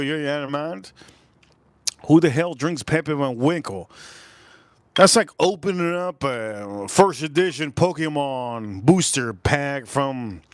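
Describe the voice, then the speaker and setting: A man's voice: mid-range voice, dry recording. Chatty man hosting a live stream. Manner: repetitive, loose and chatty, calling out viewer names. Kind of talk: casual live stream chat.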